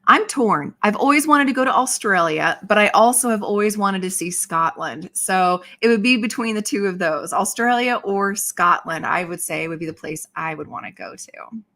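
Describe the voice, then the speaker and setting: A bubbly woman in her thirties chats casually as a livestream host and reads out viewer comments. Her voice is bright and forward, and she laughs often. She sounds like she is at home on a desk mic. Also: medium pitch, lively intonation, moderate pace.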